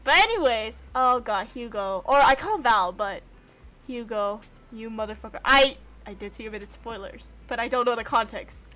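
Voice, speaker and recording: Excitable young woman streaming a game. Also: a little high, normal speed, faint music behind. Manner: excitable, gushing, swears freely. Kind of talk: casual gameplay commentary.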